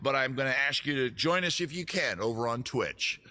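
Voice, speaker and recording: Bright-voiced rambling male streamer. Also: mid-range voice, a little fast, no room sound. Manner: rambling, self-mocking, with deadpan asides. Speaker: livestream host. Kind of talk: casual livestream chat between songs.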